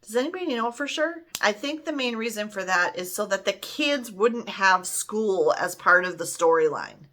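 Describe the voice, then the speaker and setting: Middle-aged woman chatting through a movie review, bright voice, rambly, laughs a lot. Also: medium pitch, lively intonation, moderate pace, few pauses. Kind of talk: casual spoken review.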